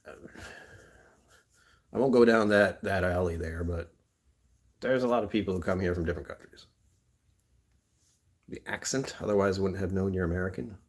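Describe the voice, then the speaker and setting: A man's voice: sits low, normal speed, long pauses. A man hosting a casual livestream from his phone indoors, rambling, joking and laughing often. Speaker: livestream host. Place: indoors on a rainy afternoon.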